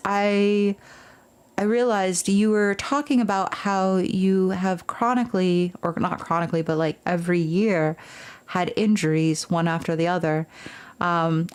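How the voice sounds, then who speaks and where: A woman's voice: medium pitch, a little mellow. A young woman streaming a game, chatting casually with viewers in a playful, rambling way. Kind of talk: casual live-stream chat.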